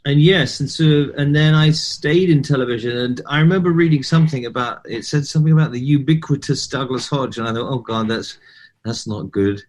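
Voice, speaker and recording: A middle-aged man, an actor as guest, telling animated stories in a relaxed interview and acting out what others said. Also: on the high side, a little fast, hardly any pauses. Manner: animated storyteller, quotes people in lively voices. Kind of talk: conversational interview.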